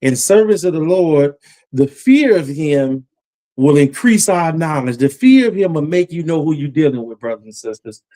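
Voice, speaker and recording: A man's voice: a little high, animated, normal speed, warm tone. Emphatic man preaching a fiery sermon. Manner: emphatic, repetitive, voice climbing when warning of judgment. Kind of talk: Bible teaching sermon.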